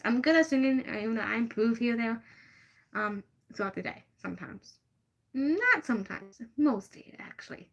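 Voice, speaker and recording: A woman's voice: a little high, fairly bright tone. Rambling young woman hosting a livestream. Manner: rambling, hesitant, many fillers and restarts. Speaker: livestream host. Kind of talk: casual livestream chat answering viewers.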